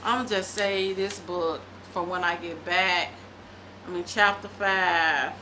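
Middle-aged female vlogger, lively chatty storyteller, reads passages aloud, bright tone. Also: on the low side, slow pace, a little hiss or hum. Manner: chatty, animated storytelling with loose casual grammar. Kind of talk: casual chat and reading aloud from a book.

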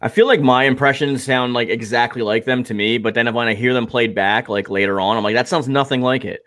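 A man's voice: mid-range voice, steady tone, brisk, a bit bright. A man hosting a live stream, chatting casually and rambling with lots of fillers. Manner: rambling, filler-heavy "like" talk. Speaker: streamer host.

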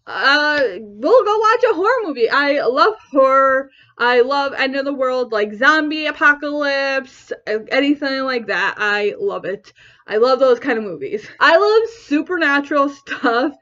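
A woman's voice: sits high, expressive, a little slow, pushed and bright. A young woman vlogger rambling casually to camera, often laughing and restarting her sentences. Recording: dull lo-fi recording.

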